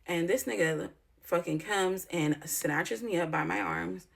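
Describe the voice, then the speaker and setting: Gravelly low-voiced woman in her thirties. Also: unhurried. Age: 30s. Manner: raw, profane, emotional retelling with many fillers. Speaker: vlogger. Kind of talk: personal storytime vlog.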